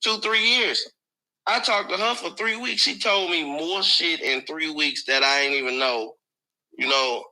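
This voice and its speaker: A man's voice: high voice, pushed and bright, low-quality recording. A man in a heated casual call, answering defensively and with profanity.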